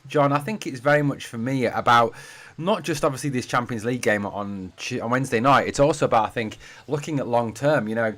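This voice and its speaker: Chatty northeast English football streamer. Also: male voice, mid-range voice, a little fast, a bit bright. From Durham, northeast England. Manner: chatty, addresses viewers as mate and guys. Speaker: football fan channel host. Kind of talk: live watch-along chat, reading comments. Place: home room being packed up for a move.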